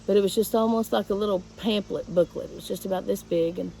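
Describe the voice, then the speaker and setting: A woman, a teacher, telling a painful personal story to her viewers in a halting, emotional way. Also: medium pitch, steady tone, creaky, very noisy.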